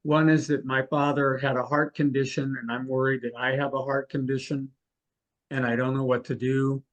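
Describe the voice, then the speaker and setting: An older man, a mentalist guest in an interview, telling anecdotes with lively delivery and acting out what others said. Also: mid-range voice, normal speed. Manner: animated, acts out the people he quotes.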